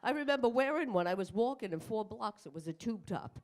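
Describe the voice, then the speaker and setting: A woman's voice: on the high side, expressive, brisk. Older woman stand-up, brash and foul-mouthed, self-deprecating jokes, live club set. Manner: brash, profane, self-mocking punchlines. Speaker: stand-up comedian. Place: comedy club stage in front of a live audience.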